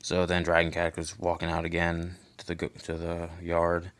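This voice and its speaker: A man's voice: deep voice, monotone, moderate pace, fairly bright tone, dry recording. A man giving a loose, rambling recap of a comic book in casual chat, full of fillers and restarts, swearing offhandedly.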